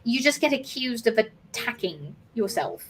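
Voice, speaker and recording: A woman's voice: a little high, sing-song, measured pace, slight background noise. Tipsy British-accented woman rambling on stream. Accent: British mix of South London and Sheffield with an American tinge. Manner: rambling, discursive, chatty with fillers. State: tipsy from wine. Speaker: streamer host. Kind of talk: casual streamed chat.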